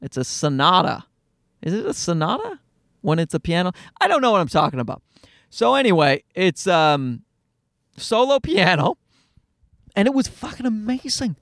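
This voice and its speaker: A man with a high voice and vocal fry talks at a moderate pace, pausing often, as he hosts a podcast alone from a car parked in a parking lot. His casual monologue is rambling, profane, animated, and self-deprecating, all about being a father, and the audio is studio quality with no echo.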